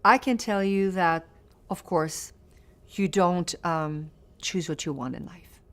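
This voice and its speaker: This is a woman in her fifties with a fairly low pitch and a slow pace. A native French speaker and a singer, she answers seated interview questions thoughtfully and sincerely, often saying key phrases twice for emphasis.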